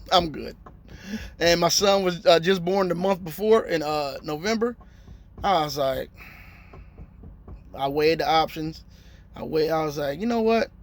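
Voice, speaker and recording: A man's voice: on the high side, unhurried, pauses often. A man in his thirties, a truck driver telling a story in a casual, slangy vlog and acting out his phone calls.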